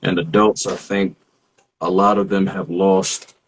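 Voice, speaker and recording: A man on a casual discussion show who talks in a reflective, measured way and searches for his words. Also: low voice, flat delivery, noisy background.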